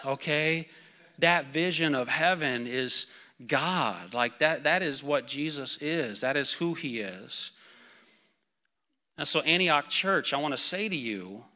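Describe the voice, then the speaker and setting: A man preaching a sermon to his church, reading scripture and speaking casually with lots of fillers, getting excited and then calming down. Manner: excitable, casual fillers, builds to shouts then drops low. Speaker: pastor.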